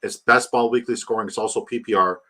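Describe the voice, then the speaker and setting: A man's voice: on the low side, fairly even intonation, quick pace, a bit bright. A man hosting a casual livestream, rambling about his draft, reading chat aloud and hyping a giveaway. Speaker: livestream host.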